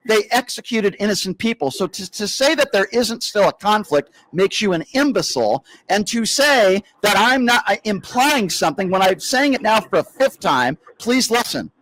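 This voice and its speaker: A man hosting a live call-in radio show, berating a caller and slowing down to lecture him. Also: sits high, animated, fairly bright tone, no room sound, rough recording. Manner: combative, insulting, slows down to lecture. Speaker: radio talk show host.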